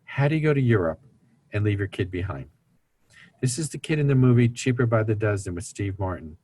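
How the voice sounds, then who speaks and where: A man's voice: lowish voice, lively intonation, a little fast, a little mellow, husky. A man speaking as an interview guest, explaining family dynamics in an earnest teaching tone and acting out the voices of people he quotes. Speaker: guest speaker on recovery ministry.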